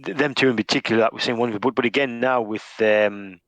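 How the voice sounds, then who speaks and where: Man talking with halting restarts. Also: mid-range voice, fairly even intonation, fairly bright tone, dry recording, rough recording. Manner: hesitant, many restarts and fillers. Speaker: podcast co-host. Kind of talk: casual chat.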